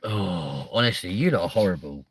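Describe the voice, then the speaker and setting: A young man hosting a livestream, chatting in a rambling, sweary way that jumps up in pitch when he gets riled. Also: lively intonation, normal speed, a little hiss or hum. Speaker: livestream host. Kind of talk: casual livestream chat.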